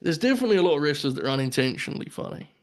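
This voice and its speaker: A man co-hosting a podcast in relaxed, joking casual chat. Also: a little high, very fast. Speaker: podcast co-host.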